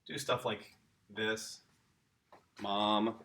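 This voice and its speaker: In a casual home-school lesson, a man with a lowish voice speaks very slowly in a bright, forceful tone with fairly even intonation. He's eager and chatty, talking straight to the kids and their parents.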